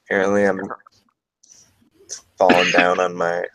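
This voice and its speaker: A man's voice: low-pitched, monotone, unhurried, fairly bright tone, poor audio. A man playing a tabletop game, thinking aloud and asking questions about his character's skills. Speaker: player.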